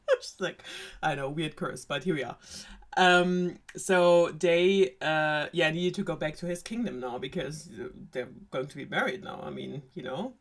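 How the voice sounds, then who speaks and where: A woman's voice: fairly low pitch, unhurried. A young woman from Germany, casually retelling a fairy tale with sarcasm, swearing and frequent laughs. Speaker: storyteller host.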